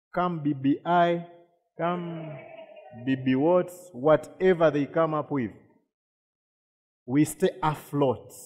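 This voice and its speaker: Pastor preaching in a reverberant hall. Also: male voice, medium pitch, a little mellow. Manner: repeats words, asks the congregation questions. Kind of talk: sermon.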